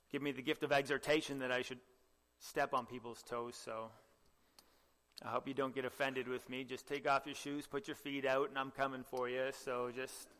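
In a large hall, a young man with a mid-range, somewhat bright voice earnestly exhorts his listeners in a sermon. He often poses direct questions to them and clears his throat along the way.

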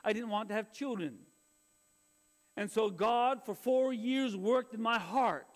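A man's voice: sits high, measured pace. A middle-aged male pastor preaching a sermon in an earnest, confessional way, often restarting his phrases.

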